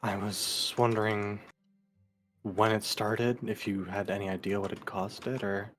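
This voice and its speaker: A woman's voice: rumbling low, little pitch movement, unhurried, faint music behind. A woman playing a tabletop game, joking dryly and speaking in character. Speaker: player. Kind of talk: casual tabletop play.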